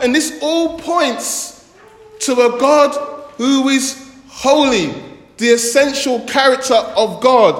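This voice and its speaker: A man preaching a sermon in a church, speaking slowly and deliberately and stressing his points through repetition. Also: extremely high pitch. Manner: slow, deliberate delivery with emphatic repetition. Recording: echoey church hall with long reverb.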